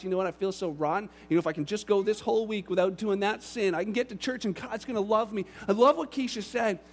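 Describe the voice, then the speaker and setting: A man in his thirties preaching a sermon, telling family stories in an animated, lively way. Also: very high-pitched. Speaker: pastor. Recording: long reverb of a large hall.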